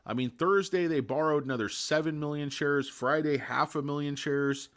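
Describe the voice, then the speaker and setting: Hosting a casual stock market live stream, a man rambles from point to point, drops crude jokes, and greets chat viewers by name. His voice is fairly high and fairly bright, at a normal speed.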